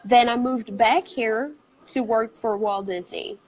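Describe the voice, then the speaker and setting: Chatty Brazilian-born woman with a high voice. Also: unhurried, low-quality recording. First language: Portuguese. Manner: laughs often, lively and chatty. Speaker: English teacher. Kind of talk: casual interview chat.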